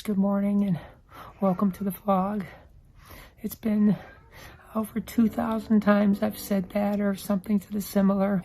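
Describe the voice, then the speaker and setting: A man hosting his vlog, speaking sincerely to his viewers and pausing often with fillers. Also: high voice, mellow, poor audio. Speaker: vlogger host. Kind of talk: heartfelt farewell to viewers.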